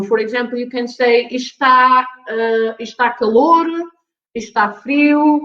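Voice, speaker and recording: A woman gives a live online lesson, explaining things patiently and laughing often. Her voice sits a little high, and it comes through a muffled video call with a lot of room echo. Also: fairly bright tone. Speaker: Portuguese teacher.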